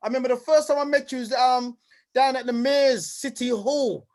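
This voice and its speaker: High-voiced energetic male event host. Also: moderate pace. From United Kingdom. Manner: energetic hype, repeats "brother" and "King". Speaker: host and presenter. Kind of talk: lively live online event hosting.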